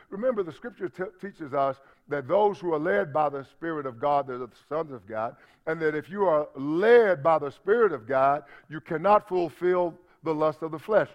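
A man pastor preaching a sermon, asking the congregation for responses as he explains scripture. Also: high voice. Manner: preaching with call-and-response asides. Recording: dull lo-fi sermon audio.

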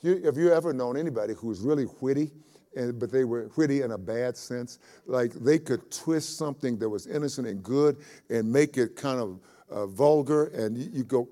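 A male pastor delivers a sermon at a mid pitch. His delivery is folksy and homespun, and he repeats short phrases to drive his points home. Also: moderate pace, dark tone.

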